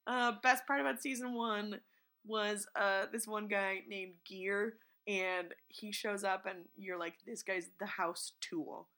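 A woman co-hosting a podcast in casual chat, animated and talkative, acting out quotes in silly voices. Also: mid-range voice, measured pace. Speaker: podcast co-host.

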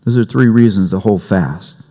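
A man preaching a sermon as pastor, conversational and warm-humored, with family stories. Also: fairly low pitch, moderate pace. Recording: long reverb in a church hall.

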